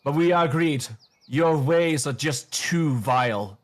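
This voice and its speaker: A man's voice: on the high side, lively intonation, unhurried. A man voicing a timid, deferential blob-of-flesh puppet disciple that stammers slightly. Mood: hesitant.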